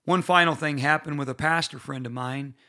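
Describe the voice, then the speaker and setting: Bright-voiced earnest pastor teaching leaders. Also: male voice, on the high side, brisk. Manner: earnest storytelling, personal and emphatic. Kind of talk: bible-based leadership teaching.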